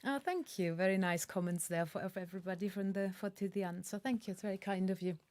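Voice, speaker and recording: A woman's voice: medium pitch, fast talker, darkish tone, no echo. A German woman co-hosting a casual music stream, chatty and telling a joke with frequent laughs. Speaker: co-host. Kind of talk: casual live-stream chat.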